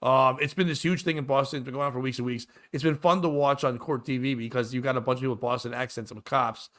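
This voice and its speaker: A man's voice: medium pitch, steady tone, fast, a bit bright. A man in his thirties hosting a podcast, chatting loosely and joking, swearing and laughing often. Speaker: podcast host. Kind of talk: casual comedy chat.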